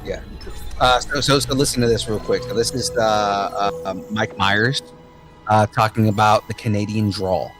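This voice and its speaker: A man's voice: fairly even intonation, normal speed. Man, casual game stream chat, jokey voices, faint music behind. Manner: joking, does high exaggerated accent bits. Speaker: streamer host.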